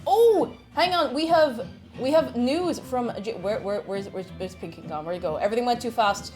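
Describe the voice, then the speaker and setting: A woman's voice: fairly high pitch, normal speed, darkish tone, faint music behind. A woman streaming live, chatting casually and reading out viewer messages in a bubbly, sing-song way.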